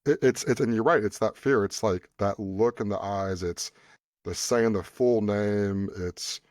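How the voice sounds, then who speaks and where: A man co-hosting a podcast, telling stories in an animated way and chiming in with agreement. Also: lowish voice, a little slow, no echo, clean studio sound. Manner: animated storyteller, frequent agreement sounds. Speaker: podcast co-host. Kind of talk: casual chat.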